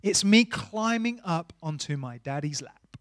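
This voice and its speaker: High-voiced pastor preaching earnestly. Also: male voice, expressive, measured pace, no room sound, clean studio sound. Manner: earnest, varies volume from soft hush to emphatic. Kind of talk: sermon. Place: church.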